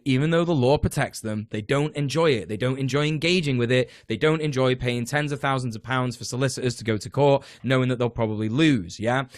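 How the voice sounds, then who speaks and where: Talking politics casually as a podcast guest, this British tenants union organizer sprawls through his points, stumbling over restarts, using many fillers and swearing now and then. His voice sits at an ordinary pitch in a dry recording with no room sound.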